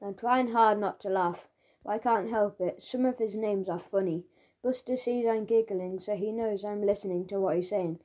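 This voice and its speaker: Mellow woman reading a children's story. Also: mid-range voice, moderate pace. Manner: lively, storytelling, voicing a schoolboy's thoughts. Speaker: audiobook narrator. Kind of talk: first-person children's audiobook narration.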